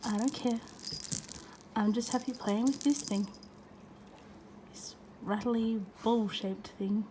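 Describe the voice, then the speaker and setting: Easygoing house cat, spoken for by a woman: soft, slow and happy, in a home vlog. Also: on the high side, steady tone, a little hiss or hum. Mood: contented. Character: nonchalant young pet cat, content and playful.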